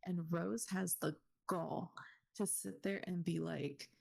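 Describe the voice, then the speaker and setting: Casting note: profane, emphatic female co-host with a husky voice. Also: on the low side, steady tone, slow pace, darkish tone, no room sound, studio quality. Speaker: podcast co-host. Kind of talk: casual book chat.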